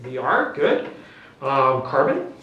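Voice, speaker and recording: A man's voice: medium pitch, sing-song, takes it slowly, lo-fi sound, slight background noise. A male teacher leading a classroom lesson, upbeat and coaxing, constantly checking in with "okay?" and "right?". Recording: very echoey classroom, distant mic.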